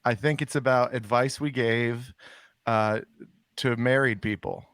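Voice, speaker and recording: A man's voice: medium pitch, steady tone, measured pace, a bit bright. A man co-hosting a comedy podcast, chatting casually in a teasing, wisecracking way. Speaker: podcast co-host.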